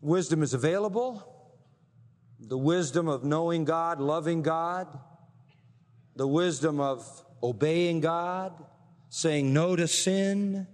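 A man preaching with a high-pitched voice and an emphatic delivery, pausing to quiz his listeners with rhetorical questions. His voice rings with a long reverb behind it. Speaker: pastor. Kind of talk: sermon.

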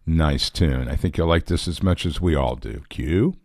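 A man's voice: extremely low pitch, normal speed, darkish tone, no echo. A man hosting a radio show, chatting casually between songs and laughing at himself. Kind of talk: casual on-air chat.

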